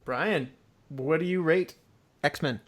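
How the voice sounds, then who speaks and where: A man's voice: a little high, slow, slight background noise. A man in his thirties hosting a casual movie podcast, teasing and laughing often. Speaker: podcast host.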